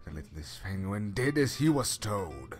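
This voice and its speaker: A man voicing the calm storybook narrator of a dark penguin tale, in a hushed, whispery telling. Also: lowish voice, unhurried. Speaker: game narrator. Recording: game audio with loud music behind.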